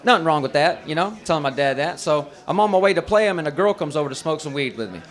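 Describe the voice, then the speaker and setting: A man's voice: fairly high pitch, expressive, quick pace. A man doing a brash, profane stand-up set at an open mic on a bar stage. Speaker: stand-up comedian.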